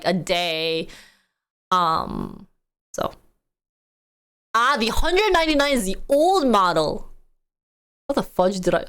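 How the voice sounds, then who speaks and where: A woman's voice: medium pitch, a bit bright, smooth. A woman streaming live, chatting casually with her viewers, reacting to news items with frequent laughter.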